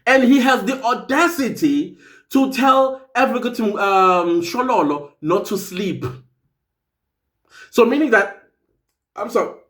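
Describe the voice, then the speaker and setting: Animated high-voiced South African man. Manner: animated, incredulous, emphatic. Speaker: commentator. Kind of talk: opinionated casual commentary.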